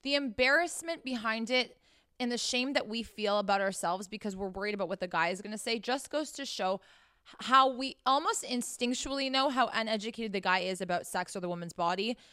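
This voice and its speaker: A woman's voice: on the high side, a little fast, bright, forceful tone, smooth, no echo, clean studio sound. A young woman hosting a frank, casual monologue, blunt and profane as she talks straight to her listeners. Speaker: host.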